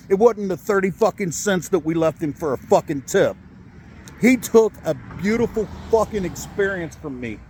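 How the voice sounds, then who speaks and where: A man's voice: fairly high pitch, mellow, a little hiss or hum. A man in his forties telling a personal story in a vlog, angry and upset, swearing and rambling with many fillers. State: upset, shaky with anger. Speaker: vlogger. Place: in a car.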